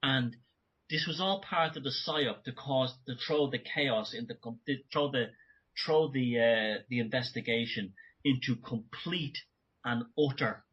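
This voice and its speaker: Guest man, bright and tense, a bit husky; animated, restarts often. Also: mid-range voice, a little slow. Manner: animated, many restarts and asides. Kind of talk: conversational interview. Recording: dull lo-fi audio.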